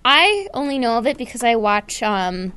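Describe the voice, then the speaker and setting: A giggly co-host chatting casually, her speech peppered with "like." She is a woman with a fairly high, bouncy voice that swings up and down freely. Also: very animated, normal speed, bright, forceful tone, clear, resonant tone. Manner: giggly, chatty, heavy use of "like" fillers. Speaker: web show co-host. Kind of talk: casual chat.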